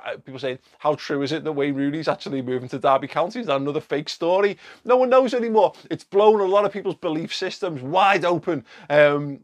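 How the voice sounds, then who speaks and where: A male podcast host talking in a loose, animated commentary style. He laughs often, swears freely and scatters fillers through his speech. His pitch sits in a middle range for a man. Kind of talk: casual commentary monologue.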